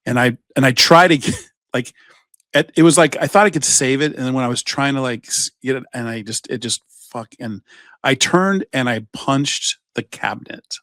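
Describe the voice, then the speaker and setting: A man's voice: mid-range voice, moderate pace, fairly bright tone, dry recording. A man co-hosting a podcast in a studio, telling a rambling story in casual chat, with plenty of swearing. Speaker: podcast co-host.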